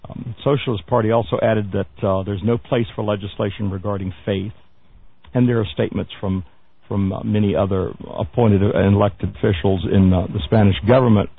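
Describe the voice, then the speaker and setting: A man hosting a radio talk show, commenting on the news in a halting way, with many fillers, restarts and wry asides. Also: lowish voice, fairly even intonation, creaky, slightly rough. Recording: phone-like lo-fi radio broadcast.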